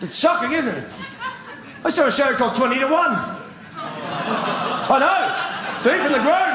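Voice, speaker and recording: Ranting high-voiced man, echoey venue. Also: lively intonation, measured pace, long pauses. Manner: profane, ranting, exasperated. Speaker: stand-up comedian. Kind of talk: stand-up comedy routine. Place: live comedy venue with audience. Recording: echoey live venue with noise.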